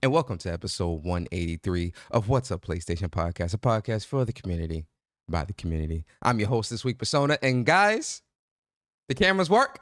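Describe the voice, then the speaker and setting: A man with a New York accent hosting a casual gaming podcast, introducing his co-host with loud, playful hype. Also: lowish voice, big pitch swings, brisk, no echo, studio quality.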